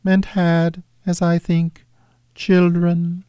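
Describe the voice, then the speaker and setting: A delicate spirit speaks in a raised, airy voice, put on by a man reading a storybook. It lingers gently over each phrase, sounding wistful and otherworldly. The recording is close and dry. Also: sits high, completely flat delivery, extremely slow, smooth, dry recording, pitched above the performer's own voice. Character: high, delicate ghost of the past.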